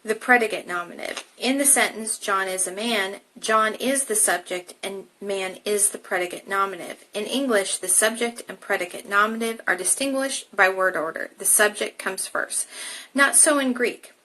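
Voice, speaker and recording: Brief: young woman, bright and clear voice, relaxed teacher reading and explaining a text. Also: medium pitch, moderate pace, low-quality recording. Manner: explains casually, then reads passages aloud with restarts. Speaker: Bible teacher. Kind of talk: live-streamed Bible study.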